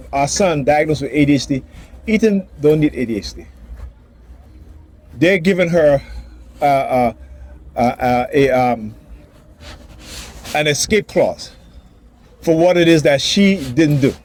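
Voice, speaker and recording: Agitated man ranting outdoors, fairly high voice. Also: animated, unhurried, long pauses, a little mellow. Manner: agitated, repetitive, acts out quoted dialogue. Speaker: father vlogger. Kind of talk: ranting personal vlog. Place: outdoors near a building and street traffic.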